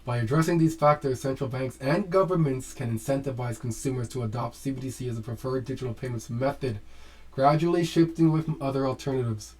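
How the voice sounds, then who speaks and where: A man's voice: mid-range voice, fast talker, rough recording. A man giving casual crypto commentary, thinking aloud as he reads from his screen and restarting phrases.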